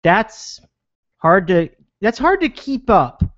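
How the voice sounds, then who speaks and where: A man's voice: sits high, very animated, takes it slowly, a bit bright, no room sound. A man hosting a sports podcast in casual chat, rambling with lots of restarts and fillers. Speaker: podcast host. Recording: dull lo-fi sound.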